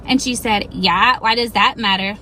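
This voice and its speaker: A woman's voice: mid-range voice, moderate pace, bright, forceful tone, a little hiss or hum. A woman emergency dispatcher recounting a call with exasperated sarcasm. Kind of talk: casual storytime to camera.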